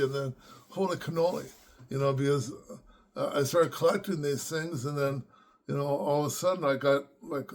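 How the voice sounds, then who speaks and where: An older man from the Los Angeles area reminiscing at home in a rambling, casual way, with many fillers and restarts. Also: medium pitch. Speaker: vlogger. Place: at home with his dogs.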